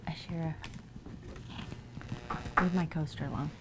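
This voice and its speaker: A woman chats on her home live stream with a lower-than-usual voice. She talks casually to viewers and sweet-talks her cats. A faint room ambience sits under her voice. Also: a little slow, vocal fry, noisy background. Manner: chatty, coos at her cats and greets viewers by name.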